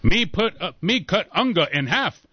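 A man's voice: sits high, very animated, moderate pace, breathy edge, dry recording, heavily acted. A man playing a bumbling male caveman magician who talks in broken caveman grammar. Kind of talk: comedy sketch. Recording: dull lo-fi recording.

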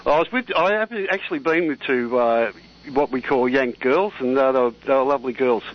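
A man's voice: mid-range voice, a little fast. A man with an Australian accent, calling in to a radio show and chatting in a rambling way, often saying "mate" and "you know". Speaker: caller. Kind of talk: phone-in call to a radio show. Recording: dull, dry phone-call sound.

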